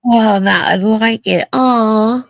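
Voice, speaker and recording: A woman with a stuffed-up, congested voice chats casually on a livestream. Her tone is gravelly with a lot of vocal fry, and the sound is dry and close. She stays playful and laughs easily. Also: on the high side, slow, no echo.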